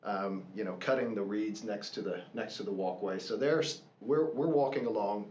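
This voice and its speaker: A man telling a family story in a casual chat, thoughtful and halting, with many pauses and fillers. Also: fairly low pitch, a little mellow. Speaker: co-host sharing family stories. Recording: echoey room with faint hiss.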